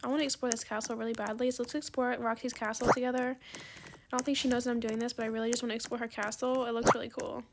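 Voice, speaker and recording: A woman giving casual gameplay commentary, excitable and gushing, then soft and apologetic when she turns down offers. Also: fairly high pitch, racing, gravelly, noisy background. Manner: apologetic, soft-spoken when declining trades. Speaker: gaming video creator.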